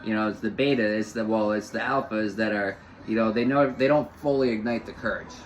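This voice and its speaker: A man's voice: fairly low pitch, a little fast, slight background noise, low-quality recording. Rambling man giving a spiritual talk. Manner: rambling, repeats phrases, many fillers. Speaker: spiritual host.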